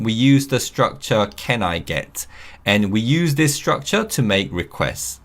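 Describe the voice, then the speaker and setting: A man teaching English, reading out model phrases slowly and clearly for learners to repeat. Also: medium pitch, a bit bright. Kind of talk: scripted lesson narration.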